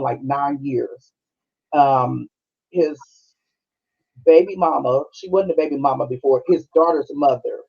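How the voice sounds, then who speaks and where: A woman's voice: sits low, husky, dull audio. A middle-aged woman, a podcast co-host, telling a personal story on a live stream in a conversational, heartfelt way. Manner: conversational, heartfelt, full of "you know" and "like".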